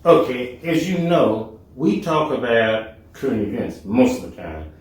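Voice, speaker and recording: A man hosting his own talk show tells a story casually and unhurriedly, with emphatic turns, in an animated medium-pitched voice. The recording sounds like an echoey room with the mic at a distance.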